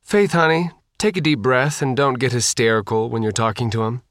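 A man voicing a calm, steady young woman who soothes her panicking sister. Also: mid-range voice, fairly quick, no echo, clean studio sound, close to an everyday voice. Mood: calm, coaxing.

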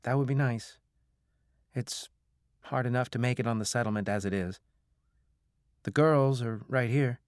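A man's voice: mid-range voice, moderate pace, pauses often, no echo, studio quality, voice pushed up, close to an everyday voice. A man doing a weary ex-wife on the phone.

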